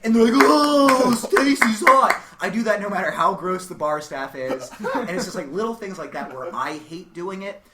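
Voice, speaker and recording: A man's voice: high-pitched, expressive, brisk, hardly any pauses, heavy background noise. A young man, a stand-up comedian, telling stories on a podcast, acting out voices and swearing freely. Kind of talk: casual chat, comic storytelling.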